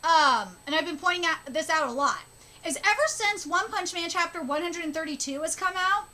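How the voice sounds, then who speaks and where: Gushing, excitable woman streamer reading a manga. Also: extremely high pitch, normal speed. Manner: excitable and gushing, swears freely. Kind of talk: live manga reading and reaction. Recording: noisy home recording.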